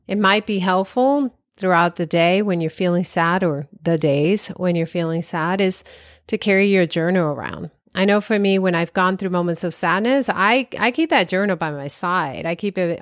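A woman's voice: mid-range voice, no echo, clean studio sound. A woman talking directly to the listener with self-care advice, encouraging and often laughing lightly. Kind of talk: casual advice talk.

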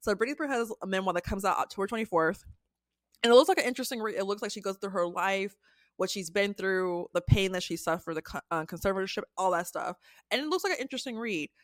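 A woman's voice: mid-range voice, fast, no echo, studio quality. Chatty woman podcast co-host. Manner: animated, chatty, swears freely. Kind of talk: casual chat.

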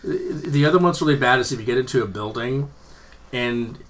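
A man's voice: mid-range voice, fairly quick. A man in casual chat, telling rambling, profane stories with frequent laughter.

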